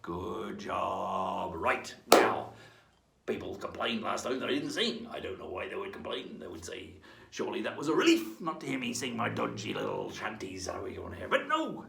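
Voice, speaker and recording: A man's voice: on the low side, sing-song, moderate pace, creaky, noisy background. A man presenting a pirate lesson for children, telling tales with dramatic whispers and pirate growls. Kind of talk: storytelling lesson for kids in pirate character. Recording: roomy echo.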